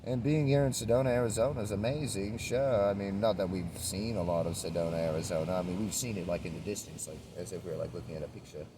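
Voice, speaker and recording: A traveling vlogger delivers a laid-back, rambling spiritual monologue, dropping the occasional swear word. His low voice stays steady and he talks fast with few pauses. It was recorded outdoors on a street from a distance, with background noise.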